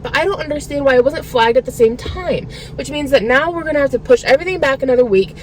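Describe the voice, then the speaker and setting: A woman's voice: high voice, lively intonation, quick pace, a little hiss or hum, rough recording. Frustrated woman venting in her car. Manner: frustrated, rambling, lots of filler "like". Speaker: vlogger. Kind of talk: casual venting vlog to camera.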